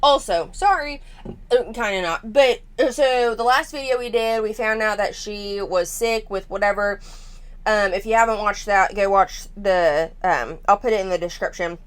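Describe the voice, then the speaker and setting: A woman's voice: medium pitch, normal speed, clear, resonant tone. A woman hosting a commentary channel, reacting to a family vlog in a frank, unpolished way with lots of fillers.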